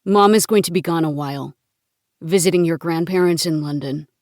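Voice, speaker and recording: A woman reading the lines of a grim, deep-voiced father, speaking low and restrained in an audiobook. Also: brisk, darkish tone, dry recording, clean studio sound. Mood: firm.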